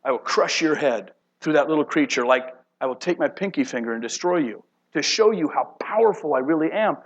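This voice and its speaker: A preacher voicing a booming, taunting God. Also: male voice, expressive, brisk, close to an everyday voice. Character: mighty male God taunting his fallen foe.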